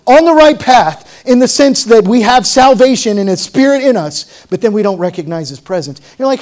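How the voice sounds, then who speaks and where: A male pastor with a notably high-pitched voice delivers a sermon. He swings between loud, pressing emphasis and hushed, lower-toned explanation as he teaches verse by verse. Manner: emphatic preaching with rising and falling intensity.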